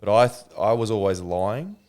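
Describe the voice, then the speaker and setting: A man hosting a podcast, relaxed and casual, swearing now and then while he reflects. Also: fairly low pitch, normal speed, clear, resonant tone. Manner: relaxed, frequent short affirmations, casual swearing. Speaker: podcast host. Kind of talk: conversational interview.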